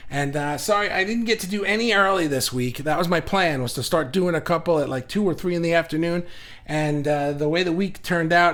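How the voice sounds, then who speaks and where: A middle-aged man hosting a casual livestream, reading out viewer comments in an energetic, animated way, often restarting his sentences. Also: a little high. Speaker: livestream host.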